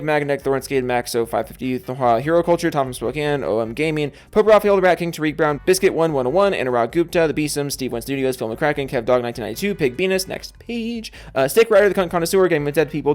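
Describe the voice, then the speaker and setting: A young man hosting a casual solo gaming vlog, ranting with heat, swearing freely, then reading out member shoutouts. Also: on the high side. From Seattle area, USA. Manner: animated, swinging between heated yelling and tired mumbling. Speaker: gaming commentary host.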